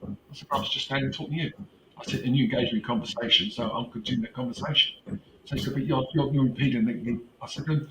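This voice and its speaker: A man's voice: medium pitch, fast talker. A man, telling a story in a casual chat and acting out the quoted lines with rhetorical questions. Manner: animated, acts out quoted dialogue, rhetorical questions. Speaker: activist recounting a street confrontation. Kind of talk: casual storytelling on a video call. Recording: roomy distant mic with faint noise.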